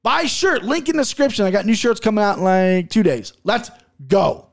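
A man's voice: high voice, very animated, a little fast, creaky. A man hosting his own podcast, talking through his betting picks in a brash, profane, hyped-up way. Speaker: podcast host giving fight betting picks. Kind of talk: casual solo podcast talk.

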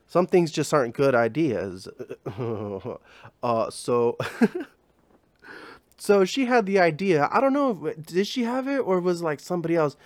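Profane, rambling young podcast host. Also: male voice, fairly high pitch, clear, resonant tone, no room sound. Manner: profane, slangy, filler-heavy. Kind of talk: casual rambling comedy chat.

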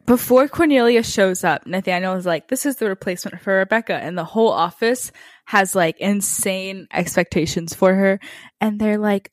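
A woman's voice: medium pitch, normal speed, no room sound. A woman co-hosting a podcast in casual chat, retelling scenes with playful quoted voices. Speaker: podcast co-host. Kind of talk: casual chat recapping a TV show.

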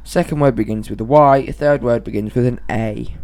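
A woman's voice: very deep voice, normal speed, a little mellow. A young woman co-hosting a casual podcast chat, teasing and giggling often. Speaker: podcast co-host.

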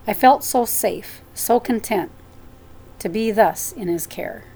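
A woman narrating a first-person spiritual memoir as an audiobook, in an earnest, devout, measured manner. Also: fairly high pitch, mellow, breathy edge.

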